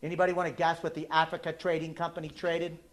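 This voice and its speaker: A man's voice: fairly high pitch, flat delivery, fast talker. An American man giving an impassioned public speech at a community event, emphatic and full of rhetorical questions. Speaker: political speaker. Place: community meeting hall. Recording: echoey room recording.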